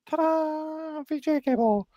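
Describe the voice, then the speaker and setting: A woman's voice: high-pitched, a little slow, warm tone, no echo, lo-fi sound. A woman hosting a casual live stream from her home workbench, chatting playfully as she narrates her tinkering. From Canada. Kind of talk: casual live-stream chat while working.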